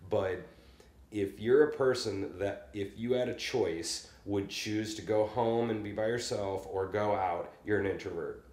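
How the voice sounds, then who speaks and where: A man with a very deep voice hosts a podcast and talks casually. He listens a lot and often agrees with quick short replies. The room around him sounds echoey. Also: darkish tone. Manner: affirming listener, frequent short backchannels. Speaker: podcast host. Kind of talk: casual chat.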